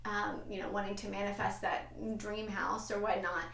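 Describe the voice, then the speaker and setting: A woman's voice: medium pitch, level tone, moderate pace, gravelly, fairly bright tone, reverberant. A woman answering a viewer's question in a casual, chatty way, with fillers and light laughs as she explains.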